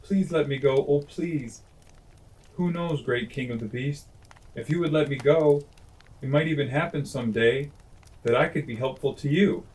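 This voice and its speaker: A teeny tiny frightened mouse squeaks and pleads in a raised little voice, as a man puts him on. It is a bedtime storybook figure, timid and begging. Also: normal speed, a little mellow, close to an everyday voice, poor audio.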